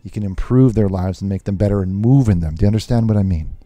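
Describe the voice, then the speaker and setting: A man playing a nervous televangelist host on a call-in show, talking haltingly with many fillers and restarts. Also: lowish voice, warm tone, no echo, soft background music, close to an everyday voice. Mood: flustered.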